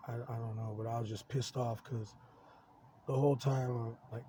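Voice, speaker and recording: A man's voice: mid-range voice, fairly even intonation, mellow, slight background noise, rough recording. A man in his forties talking in a rambling personal monologue, agitated and swearing constantly, stumbling over restarts. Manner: profane, agitated, halting with many restarts.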